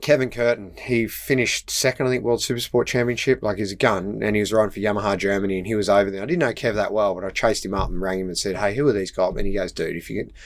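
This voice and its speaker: A middle-aged Australian man, a retired road racer, telling lively stories as a podcast guest and acting out the voices in them. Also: on the low side, quick pace, few pauses, dry recording, clean studio sound. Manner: animated, laughing, acts out voices in his stories. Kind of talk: casual storytelling. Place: outdoors in a busy race paddock.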